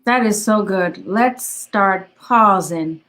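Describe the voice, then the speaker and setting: A woman's voice: mid-range voice, takes it slowly, fairly bright tone. Responsive woman podcast host. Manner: responsive, frequent affirmations. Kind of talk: podcast conversation.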